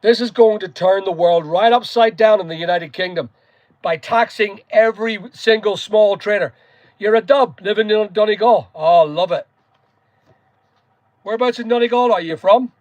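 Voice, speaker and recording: A man's voice: high voice, normal speed, a little mellow, dry recording. A man from Northern Ireland with a Northern Irish accent, hosting a casual live chat, rambling and greeting viewers by name. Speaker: live stream host.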